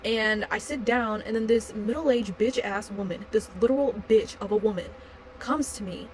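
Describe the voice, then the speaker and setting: A woman's voice: on the high side, normal speed, slight background noise, poor audio. A young adult woman vlogger telling a story in a rambling, casual way, full of fillers like "like" and blunt swearing.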